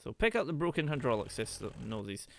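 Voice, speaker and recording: Young male gamer, lively, swooping delivery, chatty let's-play commentary that breaks into sudden exclamations. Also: medium pitch, a little fast, gravelly. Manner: chatty, thinking aloud, exclaiming at mishaps. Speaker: gaming video host. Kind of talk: gameplay commentary.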